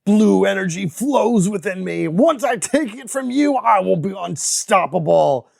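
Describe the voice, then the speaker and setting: A man doing a boastful male villain from a tabletop superhero game, gloating and menacing as he taunts the heroes. The voice sits high and carries a smug edge throughout. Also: lively intonation, measured pace, gravelly, a little mellow, heavily acted.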